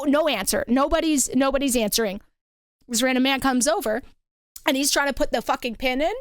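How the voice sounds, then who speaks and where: A woman telling a story in a casual, animated way, swearing freely and acting out what people said. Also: sits high, no room sound, studio quality.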